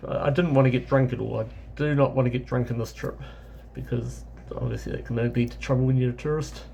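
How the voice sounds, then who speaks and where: A man's voice: medium pitch, steady tone, quick pace, vocal fry, dark tone, slight background noise. A man from New Zealand with a New Zealand accent, telling a casual travel story in a rambling way, correcting himself as he goes. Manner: rambling anecdotal, with many self-corrections and fillers. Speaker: travel vlogger.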